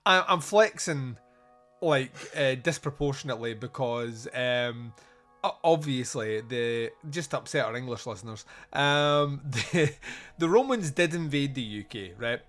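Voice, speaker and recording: A man's voice: medium pitch, lively intonation, a little slow, a bit bright, soft background music. A man hosting a podcast, chatting casually about a film, rambling and joking with lots of fillers. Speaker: podcast host. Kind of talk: casual film review chat.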